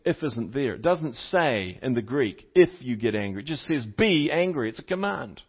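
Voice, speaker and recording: A man's voice: mid-range voice, sing-song, normal speed, slightly rough. A man preaching a sermon as a pastor, teaching step by step, repeating key points for emphasis, and putting questions to the congregation. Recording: slightly dull, lo-fi sound.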